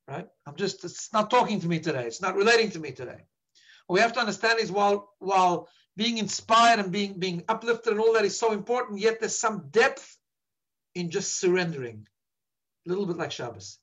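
A man's voice: high-pitched, fairly quick, fairly bright tone, rough recording. A man giving an earnest sermon as a rabbi, repeating words as he searches for his phrasing. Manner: drops into Yiddish when quoting.

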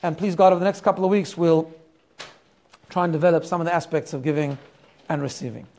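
A rabbi giving a weekly sermon, telling stories in an earnest and reflective way. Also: male voice, fairly high pitch, fast talker, a little mellow.

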